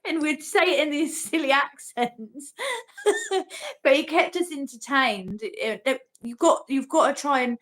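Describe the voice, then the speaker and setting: Higher-voiced woman guest. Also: big pitch swings, a little slow, fairly bright tone. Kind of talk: casual chat.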